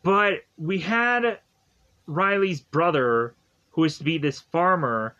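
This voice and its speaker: Brief young male reviewer, slightly higher voice, loose rambling recap with jokey asides. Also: slow pace, bright, forceful tone, dull audio. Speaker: show reviewer. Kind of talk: casual recap commentary.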